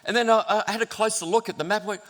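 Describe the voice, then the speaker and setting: A middle-aged man, a pastor preaching a sermon in church, telling stories in an animated, self-deprecating way. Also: high voice, very fast.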